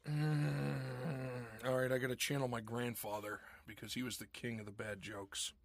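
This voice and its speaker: A man's voice: mid-range voice, little pitch movement, moderate pace, gravelly. A man co-hosting a casual podcast, rambling and joking, telling old puns and chuckling at them. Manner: rambling, jokey, laughs at his own puns. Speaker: podcast co-host. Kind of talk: casual chat.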